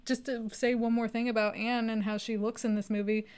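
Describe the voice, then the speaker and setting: Woman, film podcast co-host, slightly high voice, gushing and profane, quick to laugh. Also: little pitch movement, darkish tone, smooth. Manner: enthusiastic, swears freely, laughs often. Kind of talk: casual film discussion.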